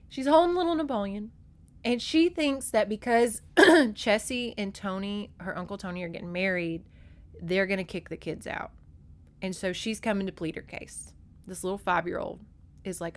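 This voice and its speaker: A woman's voice: mid-range voice, normal speed. A young adult woman hosting a podcast, recapping a novel in a chatty, gushing way, swearing freely, close on a microphone. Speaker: podcast host. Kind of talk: casual book recap.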